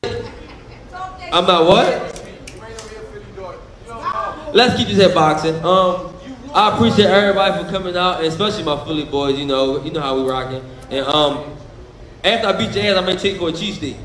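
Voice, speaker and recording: A high-voiced man trash-talks a rival at a press conference. He is boastful and profane, laughs often, and keeps cutting himself off to start again. The sound is echoey and roomy. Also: normal speed, pauses often, crowd noise. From Philadelphia. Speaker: boxer.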